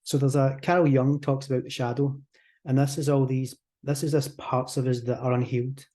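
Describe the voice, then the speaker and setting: Scottish guy explaining stuff fast on a podcast, dark mellow tone, jumps into little example voices. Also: mid-range voice, level tone. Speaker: hypnotherapist guest.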